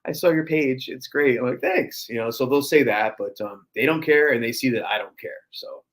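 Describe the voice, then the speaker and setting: A man's voice: mid-range voice, brisk, fairly bright tone, poor audio. A man, a guest on a podcast, telling stories in a loose, chatty way with lots of filler words. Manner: chatty storyteller, many fillers. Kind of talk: casual podcast conversation.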